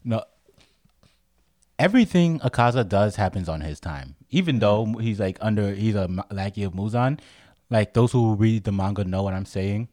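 A man's voice: fairly low pitch, normal speed, darkish tone, no room sound, clean studio sound. A young man co-hosting a casual podcast, talking in loose, slang-heavy, profane banter. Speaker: podcast co-host.

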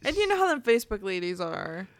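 A woman's voice: mid-range voice, very animated, quick pace, dry recording. A young woman co-hosting a podcast in casual chat, blunt and combative, swearing freely. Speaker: podcast co-host.

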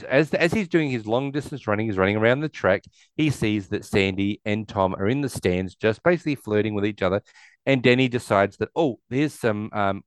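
A man's voice: medium pitch, smooth, no echo. A man casually recapping a movie on a podcast, retelling scenes and acting out the characters' lines. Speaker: podcast co-host. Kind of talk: casual film recap chat.

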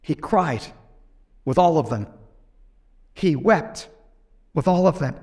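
High-voiced man preaching a story sermon. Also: lively intonation, slow, darkish tone. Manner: vivid, dramatic storytelling. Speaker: pastor.

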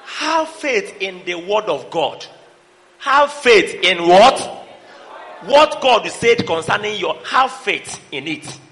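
A middle-aged man preaching a sermon, calling out to the congregation and shouting for emphasis. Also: high voice, very animated, slow. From Nigeria. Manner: preaching with call-and-response, breaking into song and shouts. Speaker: pastor. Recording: long hall reverb.

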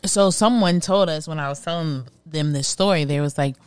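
A young woman with a somewhat low voice, talking in a plainspoken, casual way as she explains her side of a family story. The sound is dry and close. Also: moderate pace, a little mellow, clear, resonant tone, no room sound. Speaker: co-host, mother. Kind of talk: casual chat.

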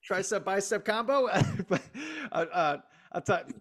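A man co-hosts a casual sports podcast in a lively, joking way. His pitch rises and falls with animation, and he leans hard on his punchlines. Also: measured pace. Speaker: podcast co-host.

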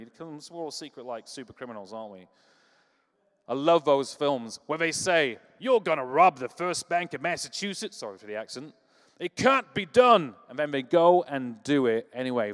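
A man preaching a sermon, telling stories with humor and lively energy. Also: medium pitch, in a large hall. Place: church.

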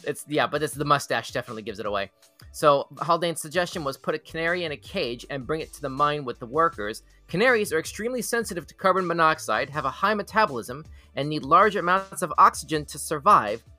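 A man's voice: fairly high pitch, animated, fast, sharp tone, soft background music. A man hosting a live weird-news show, reading articles aloud and rambling through his thoughts with many fillers and restarts. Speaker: show host. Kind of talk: casual live news chat.

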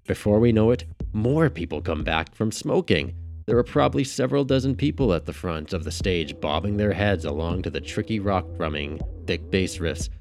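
Deep-voiced man narrating a story. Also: a little mellow. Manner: casual, wry storytelling. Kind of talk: first-person audiobook narration.

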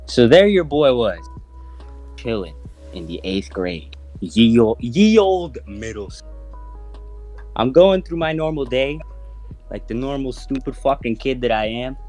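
A man's voice: mid-range voice, measured pace, pauses often, faint music behind. A man in his twenties telling a story on a podcast, swearing freely and acting out the voices in his tale. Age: 20s. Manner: profane, animated, acts out voices in his stories. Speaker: podcast host. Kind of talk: casual storytelling.

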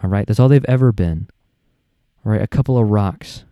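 Young male podcast host, exasperated and sarcastic, fairly low voice. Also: a little fast, clean tone, dry recording, clean studio sound. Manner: exasperated, sarcastic, animated ranting. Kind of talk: casual ranting podcast monologue.

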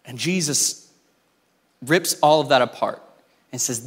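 A man preaching a sermon in a casual, conversational way, telling a story with lively voices for the people in it. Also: mid-range voice, measured pace, slightly rough. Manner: informal and conversational, with restarts. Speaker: pastor.

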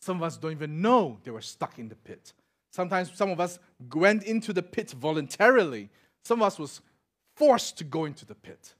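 A middle-aged Singaporean man preaching a sermon, telling stories and acting out the voices, swinging from loud to quiet. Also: a little high, brisk. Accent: Singaporean English. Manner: animated, acts out voices in anecdotes, swings loud to soft. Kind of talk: sermon with storytelling.

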